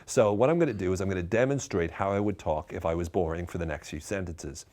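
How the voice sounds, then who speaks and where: A man giving a tongue-in-cheek lesson to camera with a lively, emphatic, ironic delivery. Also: low voice, quick pace. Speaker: speaker teaching communication skills.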